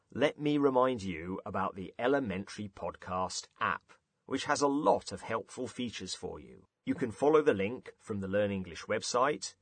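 A man hosting a podcast for English learners, reading out listeners' jokes with lively, amused storytelling. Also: fairly low pitch, slightly rough, no room sound. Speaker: podcast host.

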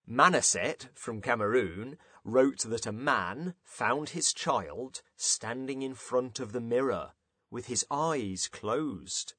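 A man hosts a learners' podcast and reads out listeners' jokes in a lively, amused way. His voice is somewhat husky, and his pitch swings widely. The recording is dry and close. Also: takes it slowly, dry recording. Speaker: podcast host.

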